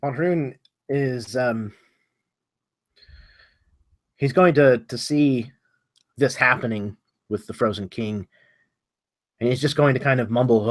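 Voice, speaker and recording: A man playing a tabletop game, describing his character's actions in a hesitant way with many pauses. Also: mid-range voice. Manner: hesitant, many ums and restarts. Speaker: player.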